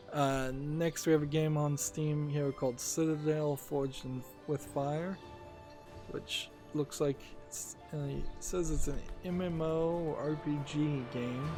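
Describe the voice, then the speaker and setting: A man's voice: fairly high pitch, steady tone, slow pace. A man hosting a let's-play, giving casual commentary while thinking aloud with lots of fillers. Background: game music.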